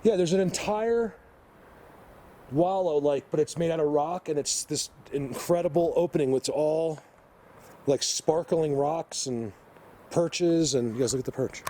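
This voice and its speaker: A man hosting an outdoor vlog, rambling excitedly with many fillers as he walks through a mountain forest. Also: on the high side, unhurried, slight background noise. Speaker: vlog host exploring the outdoors. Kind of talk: casual walking vlog commentary.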